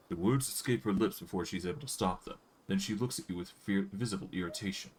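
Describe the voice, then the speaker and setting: A man's voice: low voice, fast, hardly any pauses, a little hiss or hum. A man streaming a fantasy role-playing game, casually thinking aloud and narrating the game's text. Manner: relaxed, thinking aloud with fillers.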